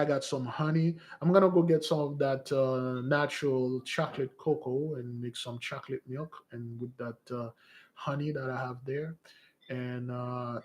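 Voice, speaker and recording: A man talking casually to his followers as a spiritual fasting leader, exhorting them and calling them beloved, with rambling asides. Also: fairly high pitch, darkish tone. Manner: exhorting, calls listeners beloved.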